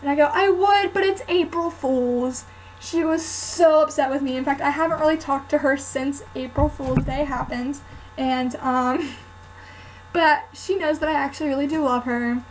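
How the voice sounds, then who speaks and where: A woman's voice: high-pitched, fairly even intonation, normal speed, slight background noise, poor audio. A young woman vlogger chatting casually to camera, telling a story with lots of "um" and "like". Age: student.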